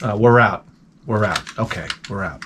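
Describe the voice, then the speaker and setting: A man hosting an unboxing vlog, talking in an excitable, rambling way with frequent exclamations. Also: fairly low pitch, moderate pace, very noisy. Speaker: YouTube host.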